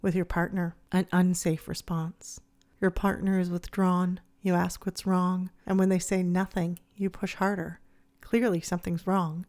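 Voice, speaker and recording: A woman speaking in a soft, soothing, measured way, her voice sitting a little low. She narrates calmly, as the host of her own show. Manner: gentle, soothing, measured delivery. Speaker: podcast host. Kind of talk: calm scripted narration.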